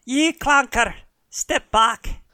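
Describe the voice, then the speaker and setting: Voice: sits high, very slow, bright, forceful tone, no room sound, pitched above the performer's own voice, exaggerated voice. A game master voicing a blunt, impatient woman huntress with a put-on Scottish brogue that drifts into Irish. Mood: gruff. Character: brusque woman huntress, leader of a hunting band.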